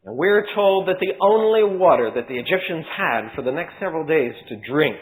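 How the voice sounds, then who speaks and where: Animated older male sermon storyteller. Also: fairly high pitch, poor audio. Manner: animated, vivid retelling with shifting loudness. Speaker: preacher and storyteller.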